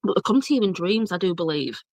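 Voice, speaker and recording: Sing-song and quick, this fairly low, darkish voice belongs to a thirties woman from Bradford, Yorkshire, with a broad accent. A blogger and journalist, she's a chatty guest who laughs a lot while sharing childhood ghost stories in a relaxed storytelling conversation. There's no echo.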